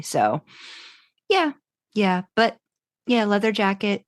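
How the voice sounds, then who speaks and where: A woman's voice: medium pitch, sing-song, a little slow, pauses often, dry recording, clean studio sound. A woman co-hosting a fan podcast, chatting casually and rambling through her thoughts. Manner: rambling, restarts, upbeat. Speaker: podcast co-host.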